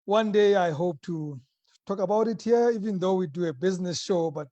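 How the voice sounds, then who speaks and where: A man with a high, light voice hosts a live talk show. He speaks earnestly and reflectively, settling in before he welcomes his guest. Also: moderate pace, dark tone, no echo, muffled recording. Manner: opens with a told joke, earnest and reflective. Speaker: host.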